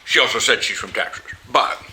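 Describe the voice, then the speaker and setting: A man from the US Pacific Northwest giving opinionated vlog commentary, halting and restarting his sentences, with wry asides. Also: mid-range voice, bright, forceful tone, slight background noise, poor audio. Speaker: vlogger.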